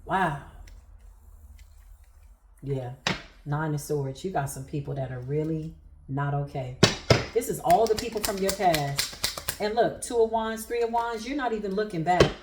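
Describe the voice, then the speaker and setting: A woman's voice: fairly low pitch, reverberant, very noisy. A woman giving a spiritual tarot reading to viewers, speaking in an emphatic, preacher-like cadence. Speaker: tarot reader.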